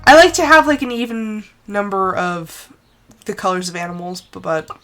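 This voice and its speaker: Expressive woman streamer muttering through gameplay. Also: mid-range voice, normal speed, faint music behind. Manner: exasperated, talks to herself, self-soothing. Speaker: streamer playing a farming game. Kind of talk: live game commentary.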